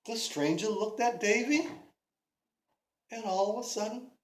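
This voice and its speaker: A woman narrating a story in a drawn-out, playful way, recorded in a roomy space. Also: mid-range voice, noisy background. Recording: roomy echo.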